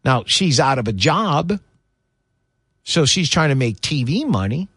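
A man's voice: fairly high pitch, very animated, measured pace, fairly bright tone, breathy edge, no room sound. A man hosting political talk radio, delivering opinionated commentary in an indignant, emphatic way. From United States.

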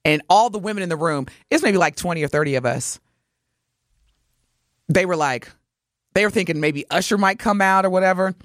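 A woman co-hosting a morning radio show, telling a story in lively chat and acting out the voices of the people in it. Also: fairly low pitch, fairly quick, long pauses, no room sound, studio quality. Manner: animated, acts out voices while telling a story. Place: radio studio.

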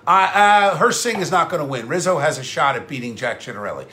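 A combative talk show host from New with a high, bright voice. He rants sarcastically, repeats himself for punch and fires back at viewer comments. His delivery is blunt and restless. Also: lively intonation, fairly quick. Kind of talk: live-streamed talk show rant.

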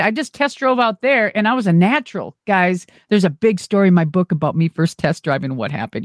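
A woman's voice: mid-range voice, lively intonation, normal speed, no echo. A middle-aged woman being interviewed, telling stories with gusto, laughing often and swearing casually. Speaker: guest. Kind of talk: storytelling interview.

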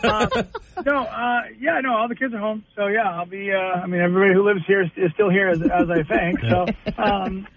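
A man's voice: high voice, fairly even intonation, brisk, a loud crowd. A middle-aged man chatting as a weekly guest on a radio show, rambling and self-deprecating, on a dull lo-fi line. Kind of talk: casual chat.

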